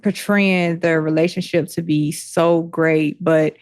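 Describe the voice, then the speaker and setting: A woman co-hosting a casual podcast chat, animated and quick to chime in and laugh. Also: deep voice. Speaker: podcast co-host.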